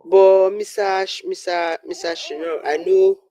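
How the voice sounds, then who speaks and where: A man's voice: high voice, flat delivery, measured pace, mellow, no echo, low-quality recording. A man with a Nigerian accent arguing on a live stream, pressing his point with repeated fillers. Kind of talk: heated live-stream debate.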